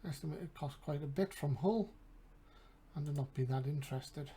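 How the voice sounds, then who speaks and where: A man's voice: fairly high pitch, normal speed, warm tone, a little hiss or hum. A man with an English accent, casually commentating a game and thinking aloud with mumbled asides. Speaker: gaming channel host.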